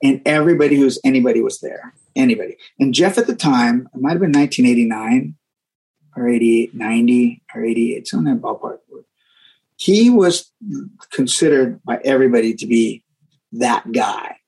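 A guest musician tells stories in a casual interview, animated and often repeating words as he acts out what people said. His voice is mid-range and husky at a normal speed, and the audio quality is poor.

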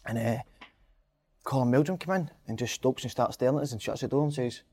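A man's voice: medium pitch, quick pace, a little mellow, slight background noise. A man, a former footballer telling stories in a casual chat, laughing along as he goes. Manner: laughs through his own stories, sweary.

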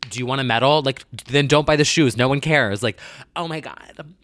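A man's voice: medium pitch, moderate pace, fairly bright tone, no echo. A man ranting in a casual vlog about pop culture, sassy and exasperated, often swearing.

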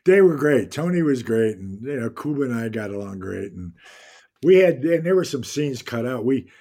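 An older man spins stories from his working life in a relaxed, conversational way. His voice sits at an ordinary middle pitch, and he slips into the voices of the people he quotes as he goes. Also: normal speed, slightly rough. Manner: animated anecdote-telling, acts out quotes, frequent laughter. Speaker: guest actor. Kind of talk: casual interview storytelling.

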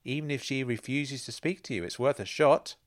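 Man doing a dry, teasing woman friend, pitched a little higher, from a storybook reading. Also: a little fast, close to an everyday voice. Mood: earnest. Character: sharp, dry-witted adult woman friend.

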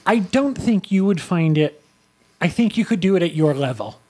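A man's voice: high-pitched, lively intonation, moderate pace, a little mellow. A man co-hosting a casual travel podcast, chatty and teasing as he tells his stories. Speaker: podcast co-host, travel agent.

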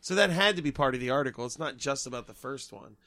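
A man co-hosting a casual movie discussion, retelling scenes with excited, profane energy. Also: medium pitch, quick pace, no echo. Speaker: podcast co-host.

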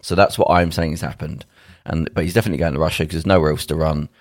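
A man's voice: very deep voice, steady tone, rapid-fire, no echo, clean studio sound. A man co-hosting a podcast from home over a video call, rambling emphatically and acting out what people might say. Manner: rambling, emphatic, acts out quotes. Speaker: podcast co-host. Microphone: home mic on a video call.

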